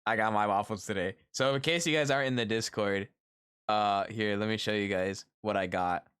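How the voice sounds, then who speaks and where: A middle-aged man streaming live, telling a story about his workday to his chat in a lively, animated way and acting out the people in it. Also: lowish voice, moderate pace, clean tone. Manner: animated storytelling, acts out quoted coworkers. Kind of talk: casual chat with viewers.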